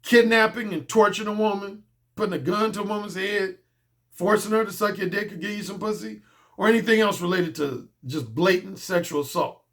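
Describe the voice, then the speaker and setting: A man's voice: sits high, brisk, fairly bright tone. A middle-aged man giving a blunt, emphatic solo commentary as a dating coach, repeating his points for stress.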